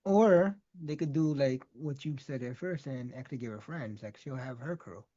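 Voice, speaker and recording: A man's voice: mid-range voice, moderate pace, mellow, dry recording, muffled recording. A man co-hosting a casual podcast chat, answering in short, laid-back, agreeing replies. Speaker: podcast co-host. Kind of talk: casual wrestling review chat.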